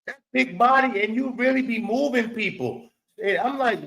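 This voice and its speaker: A man's voice: extremely high pitch, animated, normal speed, vocal fry, a bit bright, low-quality recording. A man hosting his own show, giving casual basketball commentary in blunt, profane, exasperated rants and repeating words for emphasis. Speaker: sports show host.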